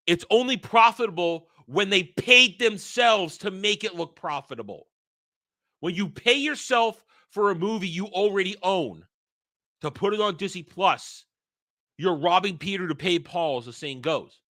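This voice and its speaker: Bright-voiced man ranting fiercely. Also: high-pitched, expressive, a little slow. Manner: heated, profane, repetitive rebuttals. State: hiccups. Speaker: host and commentator. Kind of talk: reaction rant, reading and rebutting an article.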